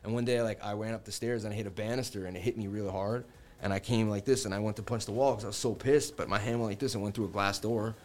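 A Boston-area crypto stream host in his 30s talks fast in a lowish, darkish voice with a steady tone, over slight background noise. On his casual livestream he tells rambling stories filled with "like" and "you know, man."

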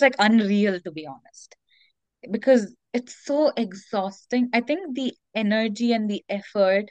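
A woman's voice: mid-range voice, clean tone, no echo. A woman speaking candidly as an interview guest, earnest and reflective, with many fillers.

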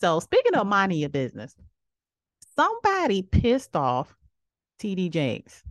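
A woman in her thirties hosting a podcast, giving outspoken, sassy opinions in a casual way, with sudden jumps from low murmurs to high exclamations. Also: huge pitch swings, a little slow, no room sound, studio quality. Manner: sassy, outspoken, preachy asides. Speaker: podcast host.

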